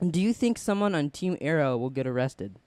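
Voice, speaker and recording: Young male co-host, excitable rambler, slightly high and smooth. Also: fairly quick, no room sound. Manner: excited, rambling with many "like"s and restarts. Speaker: podcast co-host. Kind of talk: casual TV review chat.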